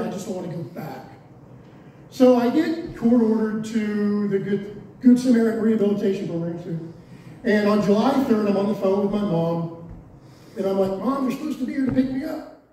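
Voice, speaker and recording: A man's voice: high-pitched, mellow, distant mic. A man in his forties giving his personal testimony to a congregation, candid and wry, with self-mocking asides. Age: 40s. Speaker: testimony speaker. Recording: roomy echo, voice from off-mic, faint hiss.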